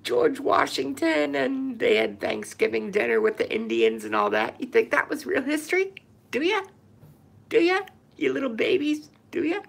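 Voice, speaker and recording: A man putting on a shrill sneering taunter. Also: very animated, normal speed, vocal fry, few pauses, heavily acted. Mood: mocking. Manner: sneering, sing-song baby talk. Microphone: phone.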